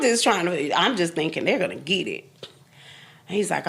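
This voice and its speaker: Low gravelly woman telling her story. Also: sing-song, normal speed, pauses often, a bit bright. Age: 50s. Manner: blunt, emphatic, repeats phrases, laughs through hard memories. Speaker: podcast guest, survivor sharing her story. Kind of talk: candid personal storytelling.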